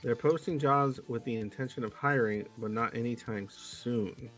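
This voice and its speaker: A man's voice: mid-range voice, normal speed, faint music behind. A young man ranting in casual livestream chat, swearing heavily and sounding exasperated. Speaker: livestream co-host.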